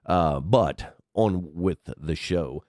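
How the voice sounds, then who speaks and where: This man talks extremely slowly in a somewhat mellow voice, made unusually deep by a cold. He hosts his own podcast, congested and sniffling, delivering a casual, rambling commentary monologue full of swearing into a headset mic. The recording is dry and studio quality.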